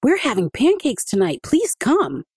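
A woman voicing an eager, excited little village boy in a high, bouncy voice. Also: moderate pace, no echo, clean studio sound.

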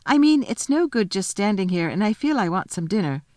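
A woman's voice: medium pitch, very animated, a little fast, a little mellow, dry recording, clean studio sound, close to an everyday voice. A woman voicing a sensible older girl. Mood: urging.

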